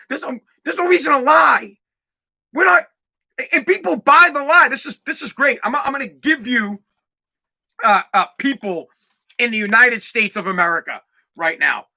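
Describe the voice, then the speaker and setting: A man from Massachusetts, hosting a solo podcast and ranting loudly with lots of swearing and restarts. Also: very high-pitched, normal speed, creaky. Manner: loud, swearing, repetitive restarts. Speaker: podcast host. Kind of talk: profane solo podcast rant.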